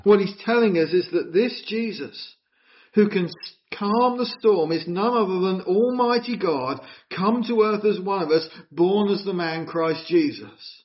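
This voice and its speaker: A man preaching a sermon in an earnest, expressive way, asking his listeners questions. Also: sits high, unhurried. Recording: dull lo-fi recording.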